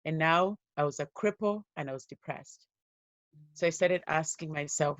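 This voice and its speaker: A woman giving an interview as a guest, telling her own life story in an earnest, steady way. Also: low voice, normal speed, no echo, muffled recording. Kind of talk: personal story told in an interview.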